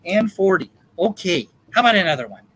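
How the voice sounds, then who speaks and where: A man hosting a live charity bingo game, calling numbers in a drawn-out way and joking in between. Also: high-pitched, very animated, background noise. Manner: campy, jokey, drawn-out number calls. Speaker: bingo caller and host.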